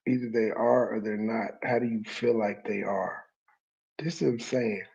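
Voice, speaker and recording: Blunt, mocking man with a mellow voice. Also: lowish voice, moderate pace, vocal fry, lo-fi sound. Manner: blunt, mocking, heavy swearing. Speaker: reaction commentator. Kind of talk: profane reaction commentary.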